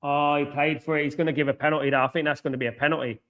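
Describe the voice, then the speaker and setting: Excitable man reacting live to football. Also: a little high, rapid-fire, phone-quality sound. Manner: excitable, chatty, talks to viewers by name. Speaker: watchalong host. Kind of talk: live football watchalong commentary.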